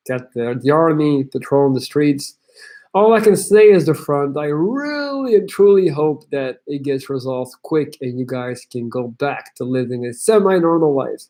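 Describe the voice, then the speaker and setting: A man's voice: mid-range voice, darkish tone. A young man from Belgium, hosting a livestream where he reads chat messages aloud and gives blunt, crude tough-love advice. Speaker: host.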